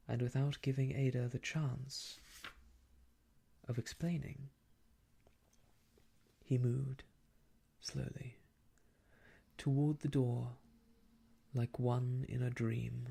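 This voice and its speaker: Slow, gravelly, hushed male storyteller. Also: mid-range voice. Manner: slow, hushed, drifting into whisper. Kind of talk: soft-spoken ASMR reading of an old novel.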